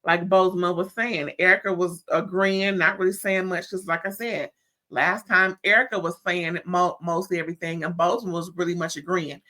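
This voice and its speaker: Woman w/ aave gossiping thru a reality show recap, animated, lots of drawn out "girl" and "mm-mm". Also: lowish voice. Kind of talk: casual chat recap.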